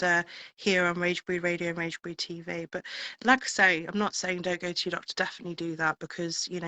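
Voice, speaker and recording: A woman's voice: lowish voice, bright, forceful tone, no room sound, low-quality recording. A woman singer being interviewed, chatting in a rambling way with plenty of fillers. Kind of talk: casual interview chat.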